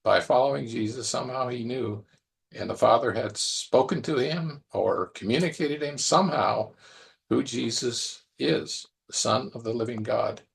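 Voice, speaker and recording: A man's voice: mid-range voice, normal speed, gravelly. A man preaching a conversational sermon, musing aloud and repeating phrases as he reflects.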